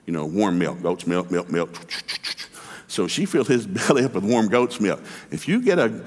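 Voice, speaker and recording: A man's voice: on the low side, big pitch swings, normal speed, husky. A man preaching a sermon in a folksy, humorous, emphatic way, acting out the dialogue of his stories. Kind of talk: lively sermon with storytelling. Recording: long hall reverb.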